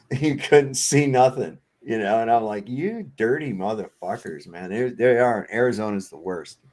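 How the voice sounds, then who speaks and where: A man's voice: medium pitch, unhurried, darkish tone. A man from Virginia hosting a livestream, telling casual stories with lots of swearing and laughter. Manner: profane storyteller, laughs often. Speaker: livestream host. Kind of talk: casual chat. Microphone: home streaming setup.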